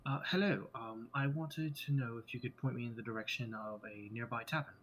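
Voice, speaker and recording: A man's voice: mid-range voice, fairly even intonation, fairly quick, a bit bright, a little hiss or hum. A man playing a tabletop game in character, speaking politely and formally with hesitations. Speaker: player.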